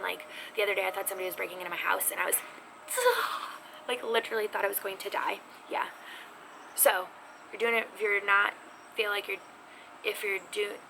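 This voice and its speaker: A woman's voice: mid-range voice, vocal fry, noisy background. A woman teaching sign language vocabulary in a chatty, self-teasing way, now and then dropping to a whisper, recorded at home. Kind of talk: casual video lesson. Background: neighbor's music faintly heard.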